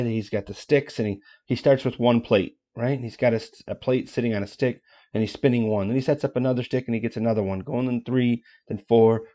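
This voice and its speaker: A man hosting a motivational podcast, talking in a casual, energetic way with folksy asides. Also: medium pitch. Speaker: podcast host.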